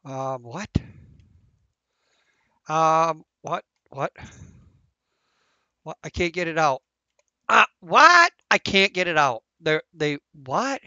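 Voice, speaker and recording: A man's voice: on the high side, lively intonation, slow pace, long pauses, sharp tone, no echo. Flustered man narrating his gameplay. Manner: chatty, flustered, thinking aloud. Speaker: gameplay commentator. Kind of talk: casual game commentary. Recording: dull, lo-fi, dry sound.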